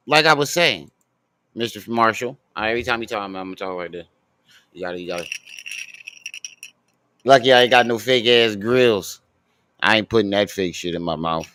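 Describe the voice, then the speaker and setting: A man's voice: mid-range voice, a bit bright, no echo. A man doing crude, mocking reaction commentary on clips, laughing as he talks.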